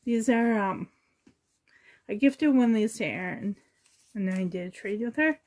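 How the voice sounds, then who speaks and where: Slow, husky-voiced woman sorting baby clothes. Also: medium pitch. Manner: chatty, sentimental, talks to herself, laughs softly. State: emotional, choked up. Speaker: reborn doll collector vlogger. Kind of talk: casual chat while sorting clothes.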